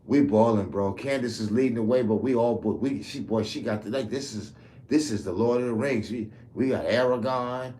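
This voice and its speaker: A man's voice: medium pitch, normal speed, warm tone, slight background noise. A man ranting heatedly to camera, profane and rambling. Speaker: commentator. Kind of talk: political rant to camera.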